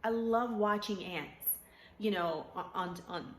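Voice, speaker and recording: Slow, earnest woman giving a life lesson. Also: mid-range voice. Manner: earnest, preachy, repeats for emphasis. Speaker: vlogger. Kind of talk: motivational talk to camera. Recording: roomy echo.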